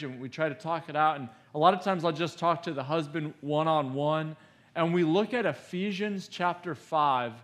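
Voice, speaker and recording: A man preaching a sermon as a pastor, emphatic, swinging between loud stressed words and hushed asides, in a conversational way. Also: on the high side. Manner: conversational, with acted-out quotes.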